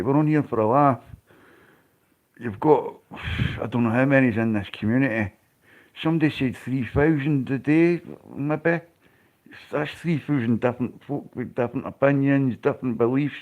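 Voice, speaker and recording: A Scottish man rambles casually to his live viewers in a mid-pitched voice, tossing in swearing and laughs. The audio is dull and lo-fi, like a stream captured without much care. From Scotland. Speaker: livestream host.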